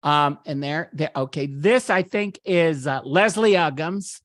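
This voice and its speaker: A man's voice: fairly high pitch, a little slow, dry recording, lightly acted. Campy giggly comedian as a man puts him on, gushing party host, dry close sound. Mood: gleeful, gushing. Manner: gushing, giggly, chatty asides. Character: campy middle-aged male comedian impression. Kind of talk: narrating photo slideshow. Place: virtual party at home.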